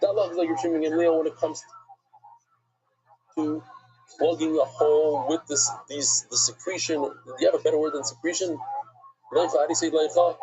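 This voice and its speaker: A middle-aged man, a rabbi, teaching a casual Talmud class in a chatty, animated way, dropping Hebrew and Yiddish words into his English. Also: a little high, brisk, long pauses, breathy edge, lo-fi sound, faint music behind.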